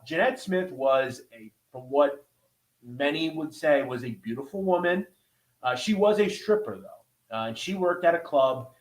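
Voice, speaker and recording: Echoey man telling a casual story. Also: medium pitch. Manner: conversational, swears, checks in with listeners. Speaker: podcast host. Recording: roomy echo.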